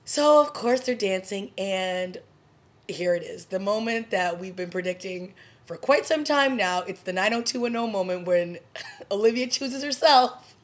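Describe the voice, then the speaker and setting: Animated woman recapping a TV episode. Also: mid-range voice, measured pace. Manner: animated, laughing, with dramatic asides. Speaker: TV review vlogger. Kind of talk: casual recap chat.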